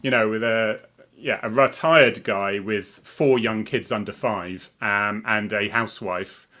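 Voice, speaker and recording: A man's voice: on the low side, measured pace, bright, forceful tone. A middle-aged man from Cornwall, co-hosting a casual chat over a video call, rambling and chuckling as he corrects himself. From Cornwall, England. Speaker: co-host, former police officer.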